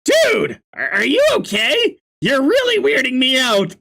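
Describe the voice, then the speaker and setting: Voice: mid-range voice, huge pitch swings, unhurried, fairly bright tone, voice pushed up, heavily acted. A reader voicing a panicky young male alien troll who swears shrilly and frantically. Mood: panicked.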